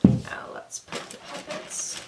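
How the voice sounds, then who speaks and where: In an echoey home basement, a young woman who is a student talks through her project with enthusiasm for a casual video. Her delivery is slow, and her voice is a little mellow.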